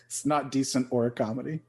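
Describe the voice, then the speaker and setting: A man's voice: mid-range voice, slightly rough. Giggly man chatting about movies. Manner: giggly, rambling, with self-corrections. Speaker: podcast co-host, writer. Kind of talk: casual chat.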